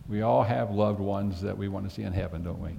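A man's voice: on the low side, brisk, gravelly, dark tone, long reverb tail, highs cut off, a little hiss or hum. A man preaching a sermon as pastor, telling a folksy story and asking the congregation direct questions.

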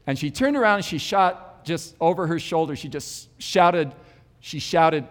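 A man's voice: a little high, animated, measured pace. A man preaching, telling a personal story with an earnest, wry and self-deprecating manner. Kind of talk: sermon storytelling. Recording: long hall reverb.

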